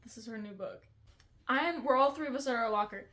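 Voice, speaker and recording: A woman's voice: a little high, quick pace, a bit bright. A young woman hosting a casual chat, telling a school story in a chatty way, swearing and laughing often. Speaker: vlogger host.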